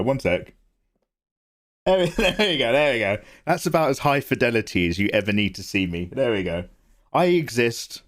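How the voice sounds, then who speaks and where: Man, livestream chat, joking, tired, mid pitch, lively intonation. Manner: joking, animated, reads out viewer names and replies to chat. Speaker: art livestreamer.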